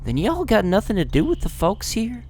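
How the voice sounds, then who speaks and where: A woman's voice: mid-range voice, big pitch swings, normal speed, mellow, a little hiss or hum, pitched above the performer's own voice, natural voice. A man voicing a huge, blunt female fighter in a game, with a put-on Southern drawl, saying "y'all" and "folks.". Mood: wary. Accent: American Southern (put on).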